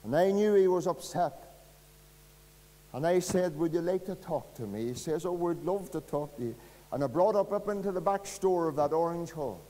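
A man with a Northern Irish accent preaching an evangelistic sermon, earnest and pleading, dropping to a hush and rising again. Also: on the high side, normal speed. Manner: earnest, pleading, dramatic swings from loud to hushed. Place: church. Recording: long reverb of a church hall.

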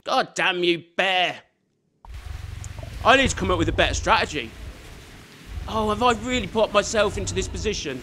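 Man, very high voice, excitable let's play commentary, game music behind. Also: quick pace. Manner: excitable, chatty, swears mildly, talks to the game character. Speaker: gamer.

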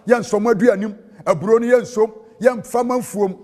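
This prophet and preacher, a man with a Ghanaian accent, speaks briskly in a high, darkish voice with fairly even intonation. Preaching in a large church hall with long reverb, he slips into a sing-song cadence and local-language phrases.

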